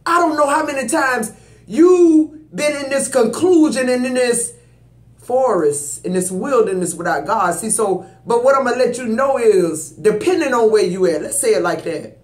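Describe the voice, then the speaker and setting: Very high-pitched and lively in intonation, this tarot reader speaks at a moderate pace in AAVE. He comes across preachy and emphatic, addressing viewers head-on, in a room with a roomy echo.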